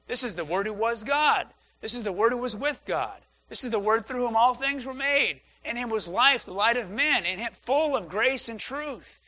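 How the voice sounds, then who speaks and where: Man, pastor, church sermon, earnest, repeats key phrases, high piercing voice. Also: animated, moderate pace, few pauses, bright, forceful tone.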